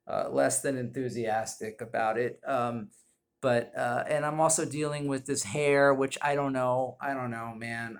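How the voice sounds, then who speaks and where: Slow, halting, deadpan man. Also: medium pitch, vocal fry, clear, resonant tone. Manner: rambling, halting, deadpan, heavy with fillers. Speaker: whisky reviewer. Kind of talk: comedic monologue review. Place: indoors at home.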